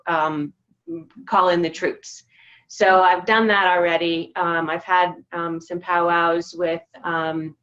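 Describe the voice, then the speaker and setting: A woman sharing her feelings over a group video call, halting and reflective with many pauses and restarts. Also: fairly low pitch, a bit bright, dull audio. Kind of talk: casual personal sharing.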